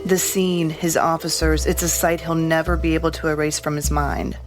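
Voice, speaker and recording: Female reporter for scripted news narration; low, flat, measured read over light music.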